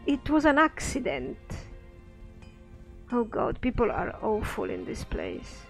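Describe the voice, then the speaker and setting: A woman's voice: fairly high pitch, huge pitch swings, slow. A woman musing aloud as she plays and comments on a game. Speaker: let's play host. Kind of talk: gameplay commentary. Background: faint game music.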